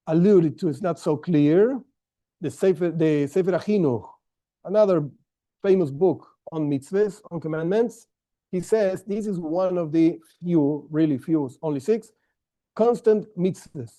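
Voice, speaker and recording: A man's voice: on the high side, mellow. Man teaching a Torah class, stressing words. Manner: explanatory, stresses key words, frequent restarts.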